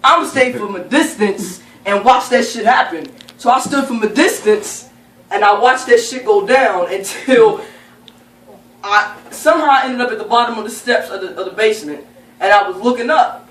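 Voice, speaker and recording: A young woman casually telling a funny story to friends, animated and profane, often laughing as she talks. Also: a little high, moderate pace. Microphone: camera held by a friend. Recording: roomy sound from a distant camera, faint noise.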